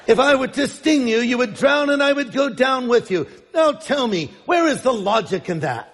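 A man's voice: very high-pitched, animated, normal speed, a bit bright, pitched above the performer's own voice, heavily acted. A man voicing a sly, polite male scorpion with a British accent in a spoken fable. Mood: suave. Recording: long hall reverb.

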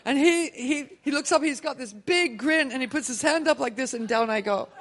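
A woman preaching a sermon, telling a personal testimony with lively, emotional storytelling. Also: high-pitched, normal speed, a little hiss or hum. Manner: animated storytelling, laughing and emotional.

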